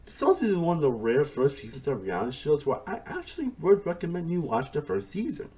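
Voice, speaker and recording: Speaking with a rather high, dark-toned voice full of big pitch swings, this man reviews a TV series at a brisk clip. His casual take rambles, and he keeps restarting sentences mid-thought while leaning on "honestly" and "again."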